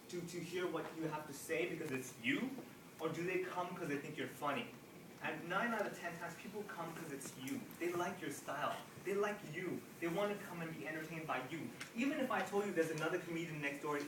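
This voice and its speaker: Lively man teaching comedy, heard from afar. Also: on the high side. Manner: lively, joking, acts out examples. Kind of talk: animated workshop talk. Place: room with a live audience. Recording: roomy, distant mic, noisy room.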